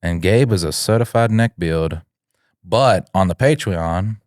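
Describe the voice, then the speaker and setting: Deep-voiced podcast guy, crude jokes, dry close mic, keeps doing goofy accents. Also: measured pace, darkish tone, no echo. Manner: crude, joking, drops into silly accents. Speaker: podcast co-host. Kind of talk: crude comedic podcast banter.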